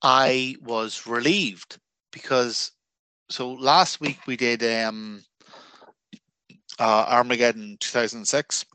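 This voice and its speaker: Animated Irish man, bright voice. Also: mid-range voice, no room sound. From Ireland. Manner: animated, crude joking. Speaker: podcast co-host. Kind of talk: casual chat.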